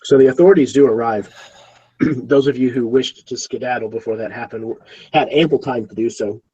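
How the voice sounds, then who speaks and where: A man with a husky voice, narrating a tabletop game as game master in a relaxed way with many fillers. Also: medium pitch, brisk, lo-fi sound.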